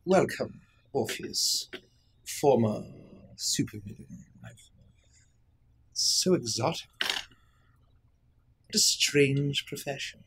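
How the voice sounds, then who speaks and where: A man's voice: mid-range voice, expressive, very slow, long pauses, fairly bright tone, a little hiss or hum, poor audio. A man voicing a haughty, flirtatious female fey noble who talks in a purring, condescending way.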